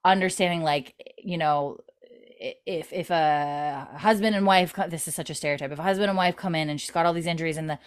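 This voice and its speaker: A woman's voice: low-pitched, a little fast, smooth. Chatty woman recapping a show. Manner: chatty, many fillers, retells scenes. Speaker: podcast host. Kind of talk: casual episode recap chat.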